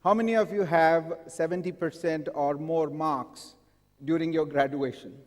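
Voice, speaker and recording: Higher-voiced man in a reverberant hall. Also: fairly even intonation, normal speed. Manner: engaging, asks the audience frequent questions. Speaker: conference speaker. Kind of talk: live conference talk. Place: large hall with a live audience.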